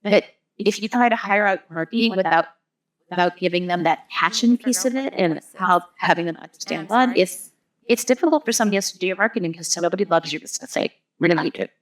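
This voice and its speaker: Low-voiced woman explaining. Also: fast. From US Midwest. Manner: explains in long strings of everyday analogies, frequent "like" and "you know". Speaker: guest, marketing business founder. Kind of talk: casual interview chat.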